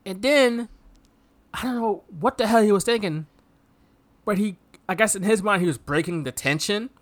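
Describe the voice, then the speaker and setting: A man co-hosting a casual movie review chat, animated and mocking as he acts out characters. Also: high-pitched, normal speed. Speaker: podcast co-host.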